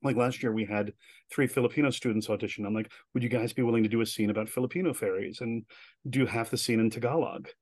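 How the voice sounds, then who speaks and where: A man guest telling stories in a casual interview, chatty and animated, with many filler words. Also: mid-range voice, fast talker, dry recording. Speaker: guest, director and writer.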